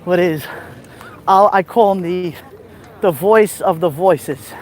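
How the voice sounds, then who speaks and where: A man with a rough voice and a Brooklyn accent, chatting casually on a live stream as he walks outdoors along a beach. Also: high-pitched, slow pace. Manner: chatty, gives shout-outs while walking.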